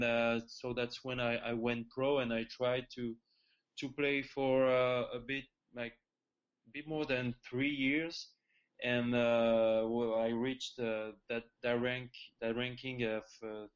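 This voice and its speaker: A man's voice: mid-range voice, a bit bright, lo-fi sound. A man in his thirties from France with a French accent, a native French speaker, talking as a podcast guest and hesitating often with restarts and fillers. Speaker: guest, former tennis pro.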